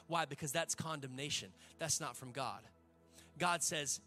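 A man's voice: on the high side, moderate pace, pushed and bright, soft background music. A male pastor, preaching a sermon to a church congregation in a fervent, conversational way with folksy asides.

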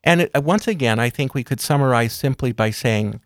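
Measured man explaining gently. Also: mid-range voice, expressive, no echo, studio quality. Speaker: guest speaker on religious topics. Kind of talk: calm explanatory interview talk.

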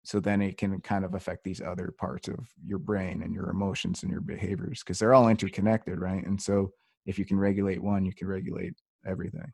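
A man hosting a casual chat, calm and explaining in steady phrases. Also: deep voice, brisk, vocal fry, breathy edge, no echo, studio quality.

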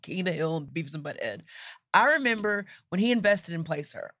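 A woman who founded a startup, giving emphatic motivational talk in a casual chat, slowing down for her punchlines. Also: on the low side, animated, a bit bright, no echo, studio quality. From Texas. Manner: emphatic, preachy, slows down for punchlines.

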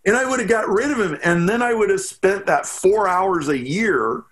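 A man guesting on a podcast, talking in an animated, storytelling way with lots of "like" fillers. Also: sits high. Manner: storytelling, quick bursts with frequent "like" fillers. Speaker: podcast guest, business strategist. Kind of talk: animated interview talk.

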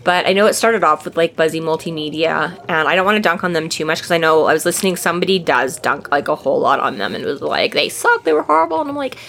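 A woman's voice: low voice, lively intonation, fast, hardly any pauses, a bit bright, slight background noise. Swearing, rambling woman podcast host. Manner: swears freely and acts out characters' lines; rambling, with many fillers and restarts. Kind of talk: casual book discussion chat.

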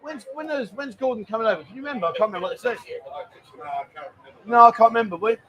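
A man's voice: extremely high pitch, lively intonation, quick pace, muffled recording, crowd noise. A man hosting a live stream from a busy bar, chatting and joking as he reads out viewer messages. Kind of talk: casual live stream chat.

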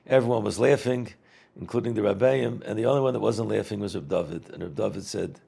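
A man's voice: on the low side, a little fast, vocal fry, warm tone, husky. A middle-aged man casually reminiscing, rambling and repeating words, mixing in Yiddish and Hebrew terms. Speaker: storyteller recalling a rabbi.

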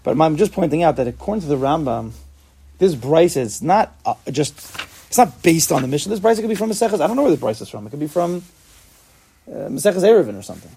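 A man's voice: a little high, very animated, fast talker, creaky, mellow, slightly rough. A man teaching an informal Talmud class, explaining step by step and asking and answering his own questions.

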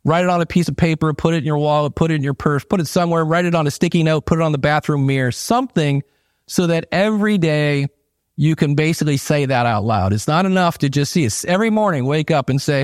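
A middle-aged man delivers a sermon in an easygoing, conversational manner, slipping in casual asides. His voice is somewhat high for a man. The sound is close and dry. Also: fast, no echo. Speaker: pastor.

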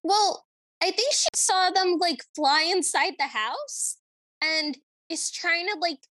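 A woman's voice: very high voice, slow pace, no room sound. A woman co-hosting a podcast, recapping a film in casual chat and acting out the characters' lines as she tells it. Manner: animated storytelling with acted-out quotes. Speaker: podcast co-host.

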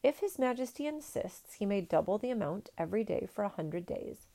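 A woman reading a storybook, voicing a humble young male peasant who speaks calmly and quietly. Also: mid-range voice, brisk, close to an everyday voice. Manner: calm and quiet.

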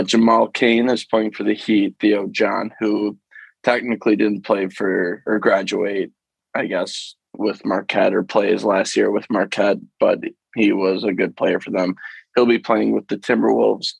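A man's voice: fairly low pitch, vocal fry, slightly rough, dry recording, low-quality recording. A man co-hosting a podcast, chatting casually about sports in an easygoing, rambling way. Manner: easygoing, rambling, many fillers. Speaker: podcast co-host.

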